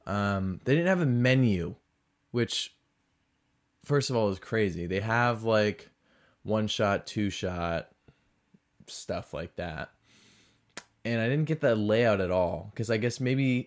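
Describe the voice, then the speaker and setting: A man hosting his own podcast, ranting casually and swinging between loud outbursts and muttered asides. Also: on the low side, normal speed. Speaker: podcast host. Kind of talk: casual solo rant.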